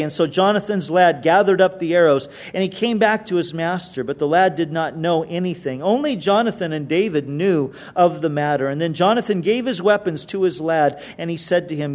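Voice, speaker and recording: High-voiced man preaching. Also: animated, moderate pace. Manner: reads scripture then explains it conversationally, with emphatic retellings. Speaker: pastor. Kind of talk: sermon with scripture reading.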